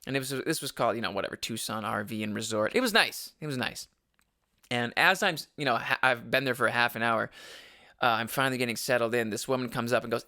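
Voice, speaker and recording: A man's voice: mid-range voice, steady tone, fast talker, sharp tone, no echo, studio quality. A man hosting his own podcast, telling a road-trip story casually, rambling with restarts and swearing freely. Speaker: podcast host.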